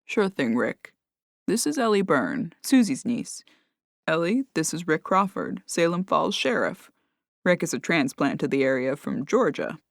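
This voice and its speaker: A woman voicing a gentle, somewhat hesitant man breaking bad news in an audiobook. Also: low-pitched, big pitch swings, a little slow, vocal fry, no echo, clean studio sound, heavily acted.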